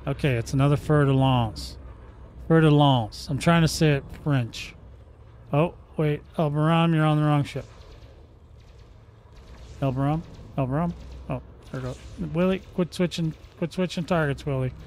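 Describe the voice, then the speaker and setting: A man's voice: fairly high pitch, moderate pace, pauses often, darkish tone, a little hiss or hum. A man hosting a gaming channel, giving joking, playful commentary while he plays and making gun sounds with his mouth. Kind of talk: live gameplay commentary.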